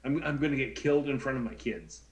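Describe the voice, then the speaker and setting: Co-host, a man in his thirties, chatty and animated, repeating himself as he tells a story. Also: medium pitch, fast talker, poor audio. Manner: animated, stammering, acts out voices in anecdotes. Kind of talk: casual storytelling chat.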